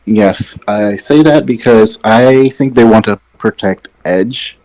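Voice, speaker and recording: A man co-hosting a casual wrestling podcast, relaxed and opinionated, sitting some way back from his microphone. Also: on the low side, takes it slowly, low-quality recording. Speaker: podcast co-host. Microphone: sitting far from his mic.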